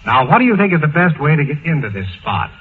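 A man's voice: on the high side, very animated, fast talker, husky. A man hosting a 1940s radio comedy panel, steering the guests with dry courtesy. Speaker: radio panel show host. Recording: tinny old radio broadcast with hiss.

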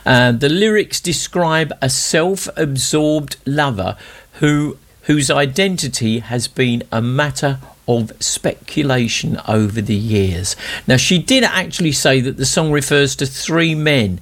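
A man's voice: medium pitch, lively intonation, a little slow, fairly bright tone. Radio guy in a soundproofed studio, jokey and chatty, voice goes up and down a lot. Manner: jokey, chatty, self-mocking. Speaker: radio host running a lyric quiz. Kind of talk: casual radio chat.

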